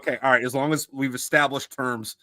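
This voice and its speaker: A man's voice: mid-range voice, fairly even intonation, fast, sharp tone, no echo. A man hosting a casual podcast interview over a remote call, chiming in with joking remarks. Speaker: podcast host.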